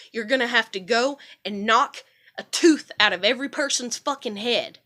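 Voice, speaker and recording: A woman's voice: high voice, bright, forceful tone. A woman vlogger in a heated monologue to the camera, confrontational, swearing heavily and raising her voice as she talks.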